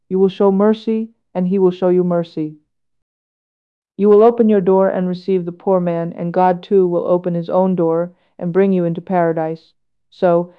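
Smooth-voiced woman reading a sermon. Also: lowish voice. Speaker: reader of a homily. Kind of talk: read sermon. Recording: dull lo-fi recording.

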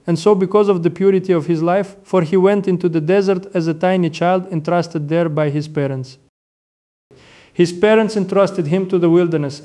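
Older monk, sermon, high voice, measured and reverent. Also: male voice, dark tone. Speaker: Orthodox monk.

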